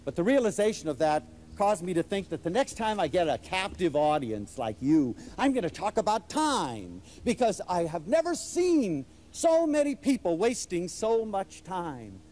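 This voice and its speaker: A man's voice: sits high, very animated, normal speed, few pauses, darkish tone. A man giving an inspirational lecture to a live audience, telling stories with enthusiasm and animation.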